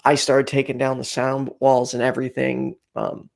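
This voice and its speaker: A man's voice: medium pitch, monotone, moderate pace, gravelly. A man hosting a casual call-in chat show from home, rambling and a bit anxious, with lots of fillers. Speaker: host. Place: home room, packing up for a move.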